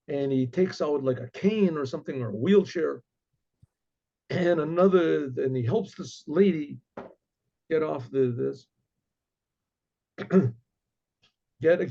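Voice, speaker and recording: Gravelly rabbi telling a rambling story. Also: male voice, on the high side, mellow. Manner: rambling, with frequent restarts and throat clearing. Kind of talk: casual oral storytelling. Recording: dull lo-fi recording.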